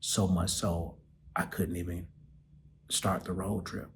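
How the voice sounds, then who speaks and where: A man hosting a podcast, telling a personal story in an animated way that sinks into soft, choked-up near-whispers. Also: low voice, slow, gravelly, a little hiss or hum. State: choked up, close to tears. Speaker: podcast host.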